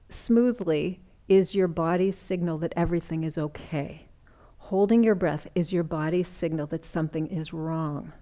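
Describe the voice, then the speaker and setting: Calm woman guiding chair yoga. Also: fairly low pitch. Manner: calm, explanatory, gently encouraging. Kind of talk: guided exercise class.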